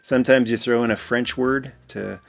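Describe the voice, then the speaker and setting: Man, Canadian accent, host, playful, laughs a lot, mid-pitched voice. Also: fairly even intonation, normal speed, vocal fry, faint music behind. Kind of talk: casual chat.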